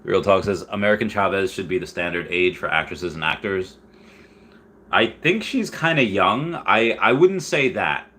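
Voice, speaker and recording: A man's voice: deep voice, animated, moderate pace, bright, forceful tone. A man in his thirties hosting a casual livestream, rambling through chat questions with many restarts and fillers. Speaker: livestream host answering chat.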